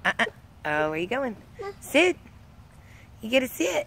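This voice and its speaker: A woman's voice: a little high, very animated, measured pace, pauses often, a bit bright, slight background noise. A woman talking to a toddler outdoors in sing-song, coaxing baby talk, repeating simple words. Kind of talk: home video baby talk. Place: outdoors in a yard.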